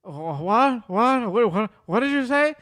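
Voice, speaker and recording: A man's voice: extremely high pitch, animated, moderate pace, fairly bright tone, pitched above the performer's own voice. A man voicing a confused male pastor who cannot follow what is said. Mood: baffled. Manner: baffled, repeating "what?".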